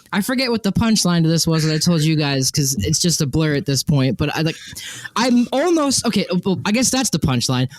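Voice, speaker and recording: A man co-hosting a podcast, telling a story in casual chat, lively and swearing, acting out the people he quotes. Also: on the high side, fairly quick, no room sound. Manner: animated, swearing, quotes people in exaggerated voices. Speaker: podcast co-host.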